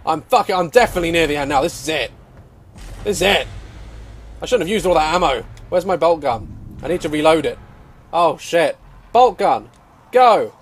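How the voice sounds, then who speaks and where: Brief: male let's-play host, higher voice, swings all over, brash and sweary. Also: normal speed, long pauses, husky. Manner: loud, excitable, swearing, taunting enemies. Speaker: gaming video host.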